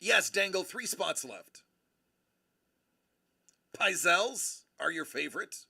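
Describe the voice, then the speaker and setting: A man hosting a livestream, chatting in a rambling, animated way and often correcting himself mid-sentence. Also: sits high, slow, creaky, husky. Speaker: livestream host. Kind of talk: casual live-stream chat.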